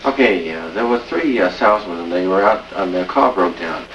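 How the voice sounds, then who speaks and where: A middle-aged man tells a joke in a rambling way, stacking up filler words and repeated "he said". His voice is on the low side. The recording is distant, echoey and dull, with noise underneath. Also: normal speed, fairly bright tone. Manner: rambling storyteller, many "he said" and "uh"s. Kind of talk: telling a joke. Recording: echoey lo-fi home video from far off.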